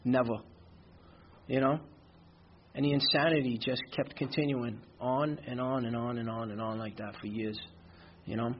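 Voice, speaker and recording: A man's voice: mid-range voice, little pitch movement, moderate pace, highs cut off, a little hiss or hum. A man, from Brooklyn, telling a candid personal recovery story in a conversational way, with many fillers. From Brooklyn, New York. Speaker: recovery speaker. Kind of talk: personal testimony talk.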